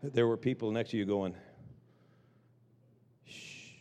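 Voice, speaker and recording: Slangy pastor in a reverberant hall. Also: male voice, medium pitch, steady tone, fast talker, mellow, slight background noise. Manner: casual slangy, frequent stammered restarts. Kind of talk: revival sermon storytelling. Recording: long reverb of a large room.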